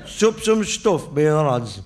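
Brief: comedian putting on a bellowing, slurring drunk, pitched up and blustering. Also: male voice, big pitch swings, slow pace, a little mellow. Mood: drunk, demanding. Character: loud, belligerent, very drunk grown man.

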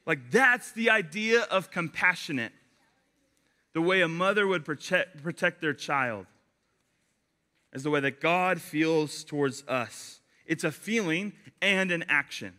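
A young man giving a casual youth sermon, chatty and animated, telling stories with lots of fillers. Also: on the high side, measured pace. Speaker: youth pastor.

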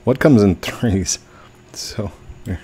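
A man's voice: lowish voice, takes it slowly, dark tone, husky. A young man giving playful live commentary while playing a game, talking to the other players and his own character. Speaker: gaming video host.

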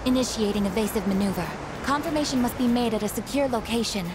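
A woman's voice: fairly high pitch, fast, over music, natural voice. A woman voicing a formal android girl. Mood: guarded. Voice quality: flat, formal robotic phrasing. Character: formal female android girl, calm and determined. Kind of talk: video game voice acting. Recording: noisy game audio capture.

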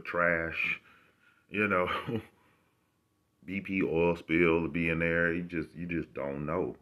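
Deep-voiced man ranting sarcastically. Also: lo-fi sound. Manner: rambling, profane, sarcastic. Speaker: vlogger. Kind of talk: casual ranting monologue.

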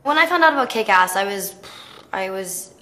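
A teenage girl answering interview questions in a relaxed, chatty way. Her voice sits in a middle register, and she stays lively, dropping "um" and "like" as she goes. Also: medium pitch, moderate pace. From United States. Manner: chatty and animated, with many fillers like "um" and "like". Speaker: actress interviewee. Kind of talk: casual interview anecdotes.

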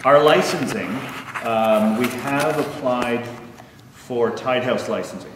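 A man's voice: medium pitch, takes it slowly, noisy background. A man who owns a brewery, talking eagerly in a casual interview, with lots of fillers. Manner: chatty, eager, many fillers. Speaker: brewery owner. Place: large unfinished building. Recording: echoey hall, from far off.

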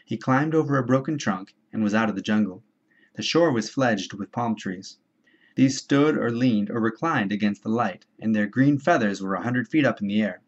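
A man reading a novel aloud in a measured, steady storytelling voice. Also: on the low side. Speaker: audiobook reader. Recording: dull lo-fi home recording.

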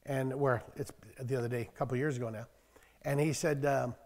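A man's voice: medium pitch, steady tone, fairly quick, in a large hall. A man in his sixties preaching a conversational sermon to a small church, telling homespun stories and raising his voice for bursts of scripture. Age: 60s. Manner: folksy, storytelling, bursts of loud emphasis on scripture. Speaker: pastor.

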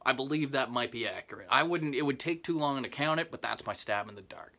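A young comedian telling a rambling comic story in a home vlog, full of asides and fillers, now and then leaping up into mock disbelief. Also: male voice, lively intonation, brisk, vocal fry, sharp tone. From Canada. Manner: jumps into exaggerated high disbelief. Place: parents' basement.

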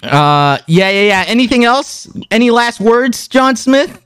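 Young male streamer, excitable and profane, lively high voice. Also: measured pace, clear, resonant tone, dry recording, studio quality, soft background music. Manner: excitable, swearing, laughing often. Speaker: streamer host. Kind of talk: casual live-stream chat.

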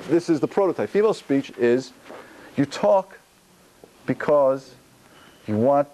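A man, a rabbi, giving a Torah lecture on prayer, animated, posing questions and answering them himself. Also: mid-range voice, slight background noise, rough recording. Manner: animated, gestures while talking, asks and answers own questions.

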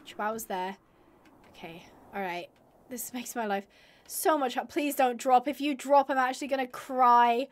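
A woman's voice: fairly high pitch, normal speed. A woman streaming a game live, talking to her viewers with big emotional swings from glum muttering to shrieking distress. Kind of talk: live gameplay commentary.

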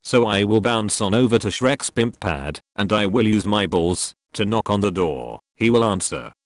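Man with a low voice for a gleeful, giggling comic monologue; dry sound. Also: animated, normal speed, dry recording. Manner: gleeful, giggling, sing-song chants. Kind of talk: crude comic monologue in character.

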